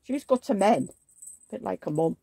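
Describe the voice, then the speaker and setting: A woman's voice: mid-range voice, animated, brisk, creaky, dark tone, no echo, clean studio sound. An older woman, telling rambling, chatty stories on her vlog. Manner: rambling, chatty storytelling with asides. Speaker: vlogger. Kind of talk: casual chat.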